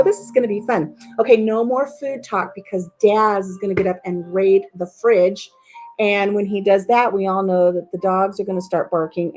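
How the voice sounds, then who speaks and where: A woman's voice: medium pitch, warm tone. A middle-aged woman hosting a casual live chat with viewers, a chatty storyteller who laughs at herself. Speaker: channel host.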